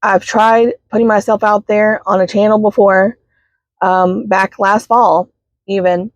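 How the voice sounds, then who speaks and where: A woman, teary and sniffling, talking haltingly in a heartfelt vlog from her parked car. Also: medium pitch, fairly even intonation, dry recording. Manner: halting, many fillers and apologies. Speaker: spiritual healing vlogger. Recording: dull, dry sound inside a car.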